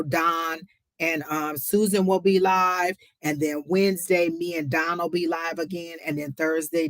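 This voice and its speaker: A woman's voice: low voice, no room sound. Woman doing a live psychic reading, all emotional and teary, super encouraging, dry close sound. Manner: emotional, tearful, warmly encouraging, calls the viewer honey; talks to the chat as y'all. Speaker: psychic reader on a live stream.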